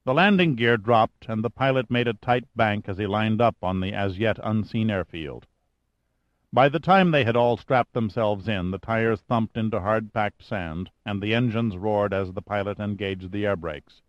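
A man narrating an audiobook with steady, even storytelling. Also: on the low side, moderate pace, no room sound, lo-fi sound. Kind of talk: scripted narration.

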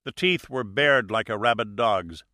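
A man narrating a thriller audiobook in a steady, measured way. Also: fairly low pitch, no echo, clean studio sound. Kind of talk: scripted narration.

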